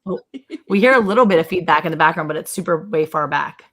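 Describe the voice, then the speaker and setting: A woman co-hosts a relaxed live stream with a slightly low voice. She is bubbly and quick to laugh, and she keeps up the chatter by reading viewer comments aloud. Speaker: co-host of a ranch live stream. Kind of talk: casual live-stream chat.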